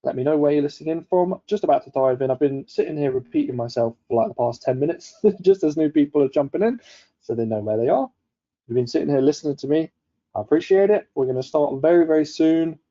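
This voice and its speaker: A man hosts a live-streamed coaching session, chatty and upbeat as he greets viewers and reads their comments aloud. His voice is deep, dark and mellow. The stream audio is a little dull and lo-fi. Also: animated, quick pace. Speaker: webinar host.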